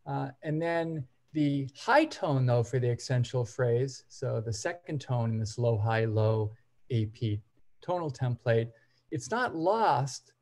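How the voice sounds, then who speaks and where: A man co-presenting an academic seminar, explaining examples in a measured, step-by-step way. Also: mid-range voice, darkish tone.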